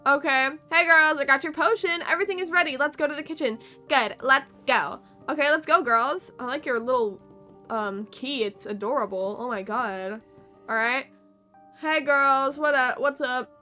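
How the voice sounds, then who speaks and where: Woman, high voice, bright tone, playful self-mocking let's play commentary, faint game music. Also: normal speed. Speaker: gaming streamer.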